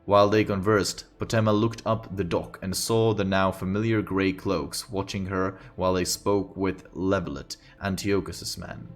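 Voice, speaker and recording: Male streamer-storyteller, low and steady, light music underneath. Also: moderate pace, hardly any pauses. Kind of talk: reading a fantasy story aloud on a stream.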